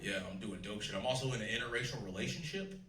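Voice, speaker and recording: A man's voice: on the low side, expressive, fast talker, sharp tone, recorded from a distance, soft background music. A man in his thirties doing a stand-up set on a club stage, talking to a live audience and laughing at his own jokes. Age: 30s. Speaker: stand-up comedian. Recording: roomy club sound, live crowd.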